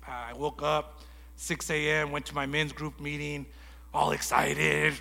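Male preacher, fairly high bright voice, animated storyteller, long hall reverb. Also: a little slow, gravelly. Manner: animated storytelling, acts out dialogue. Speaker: guest preacher. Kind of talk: sermon.

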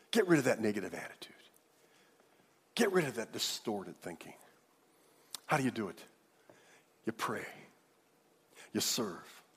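A pastor with a mid-range, slightly breathy voice preaches an emphatic sermon and leads his congregation in call-and-response. He's in a large church hall, and the recording carries that space's reverberation.

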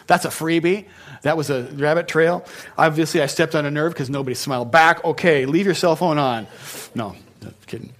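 A man's voice: fairly high pitch, moderate pace. A male pastor preaching a sermon in a conversational way, with joking asides.

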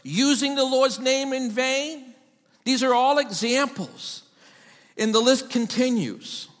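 A man preaching a sermon to his congregation, delivering it with emphasis and sometimes building to shouted call-and-response. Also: very high voice, takes it slowly, big-room sound. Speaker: pastor.

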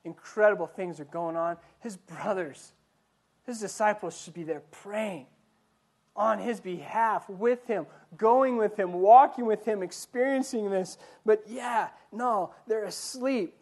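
A man's voice: sits high, a little slow, a little mellow. A man preaching to his church in a conversational, earnest way, correcting his own slips as he goes. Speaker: pastor. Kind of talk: sermon.

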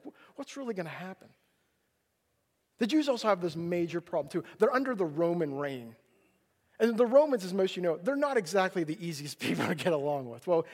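A male pastor preaching a sermon, telling a personal story with animated delivery and acting out his own panicked voice. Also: sits high.

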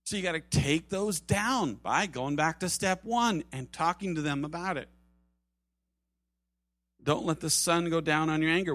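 A man preaching a sermon at a church service, animated, acting out quoted voices and dropping to soft tones for emphasis. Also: fairly high pitch, unhurried, dry recording. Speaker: pastor.

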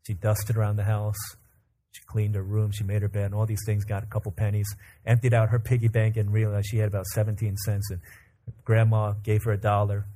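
A man preaching a sermon as pastor, calmly telling a family story and leading the congregation into prayer. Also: lowish voice, brisk. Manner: calm storyteller who acts out family dialogue.

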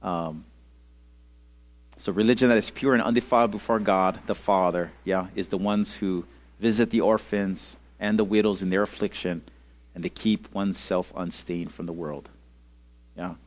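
A man's voice: low-pitched, steady tone, normal speed. A male pastor giving a casual, conversational sermon to young people, often asking "okay?" and "amen?" and leading them in call-and-response. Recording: audio-only sermon recording.

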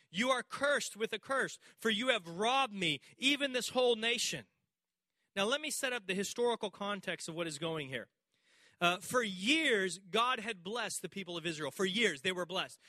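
High, bright-voiced male pastor preaching. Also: no room sound. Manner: animated storytelling, acting out dialogue with congregation members. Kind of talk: sermon. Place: church.

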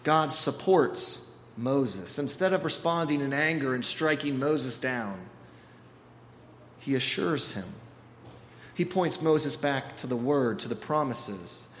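A man's voice: mid-range voice, slow pace, slight background noise. Preaching man in an echoey hall. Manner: animated preaching, acting out quoted voices. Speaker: pastor. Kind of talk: sermon. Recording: echoey hall with faint ambience.

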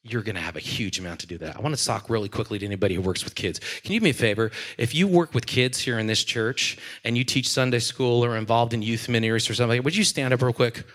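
A man who is a senior pastor, preaching a sermon in a church with animated, playful storytelling. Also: mid-range voice, fast, hardly any pauses.

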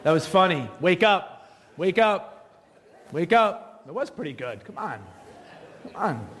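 A man's voice: sits high, very animated, unhurried, in a large hall, background noise. A male pastor preaching a sermon in a casual, joking way, teasing his congregation from the pulpit. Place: church sanctuary.

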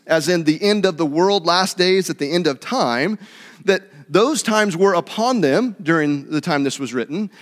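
A man's voice: high-pitched, long reverb tail. A man preaching a Bible study in a conversational teaching manner, with fillers and self-corrections. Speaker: pastor.

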